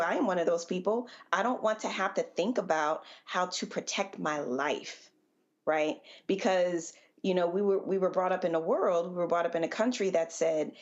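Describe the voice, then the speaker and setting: A woman with a low voice giving panel commentary in an earnest, emphatic, deliberate way. The audio is dull and lo-fi, like a remote connection.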